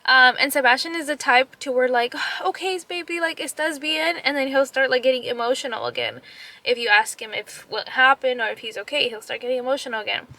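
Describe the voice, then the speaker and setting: A young woman and mother retelling an upsetting story in a casual vlog, animated, full of "like" fillers and slipping into Spanish phrases. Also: high-pitched, brisk. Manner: upset and emotional. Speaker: vlogger.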